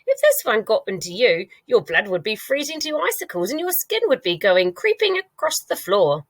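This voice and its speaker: A woman's voice: a little high, sing-song, moderate pace, no echo, pitched above the performer's own voice. A woman voicing a big friendly old male giant who cries out in jumbled words. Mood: earnest.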